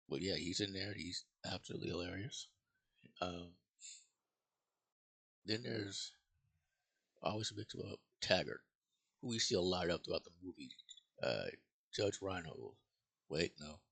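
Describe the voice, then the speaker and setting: A man's voice: low-pitched, creaky, bright, forceful tone, husky. A man giving a casual, rambling movie review, swearing freely and full of fillers and restarts.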